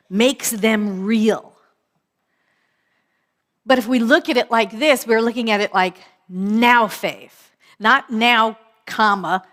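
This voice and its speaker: Speaking on the high side with a bit of brightness, a woman minister delivers her sermon conversationally. Key words get a slower pace, phrases are repeated for emphasis, and "right?" comes up often.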